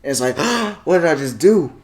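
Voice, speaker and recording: A man's voice: on the high side, big pitch swings, normal speed. A man co-hosting a casual podcast, talking in a laid-back, rambling, self-mocking way. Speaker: podcast co-host.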